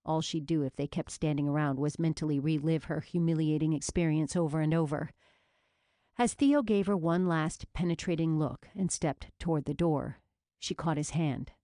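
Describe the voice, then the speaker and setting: Low-voiced woman reading an audiobook. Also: moderate pace, dark tone, no room sound, studio quality. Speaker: audiobook narrator. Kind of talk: scripted romance novel narration.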